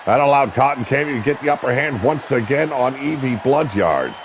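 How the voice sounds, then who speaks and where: A man calling a wrestling match as play-by-play commentator, brash and profane, shouting at the big moves. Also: medium pitch, lively intonation, brisk, lo-fi sound, background noise.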